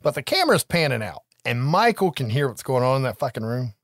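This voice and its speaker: A man's voice: mid-range voice, fairly quick, no echo, studio quality. A man casually recapping a horror movie scene by scene, cursing freely and acting out the characters' lines. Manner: profane, animated storytelling with quoted voices.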